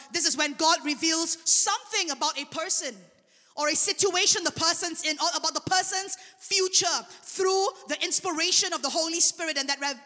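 A woman preaching a sermon, telling a testimony in an animated way. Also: very high-pitched. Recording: long hall reverb.

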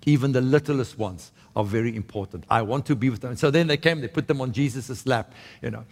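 A man's voice: mid-range voice, brisk, long reverb tail. A man preaching a sermon in a conversational way, often checking in with "right?" and restarting his sentences. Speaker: pastor.

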